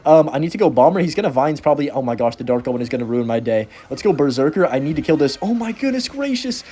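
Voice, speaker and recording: A young man giving live gameplay commentary for his video channel, excitable and reacting loudly to each play. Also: medium pitch, racing, husky. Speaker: gaming video creator.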